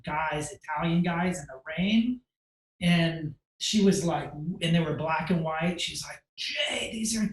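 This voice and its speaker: A man guest on a podcast, telling a story in a casual, animated way, acting out the voices of the people he quotes, with many fillers. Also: a little high, reverberant, low-quality recording. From United States.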